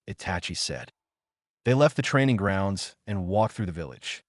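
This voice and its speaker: A man narrating a fan fiction story in a lively reading voice. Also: low-pitched, measured pace, no echo, clean studio sound.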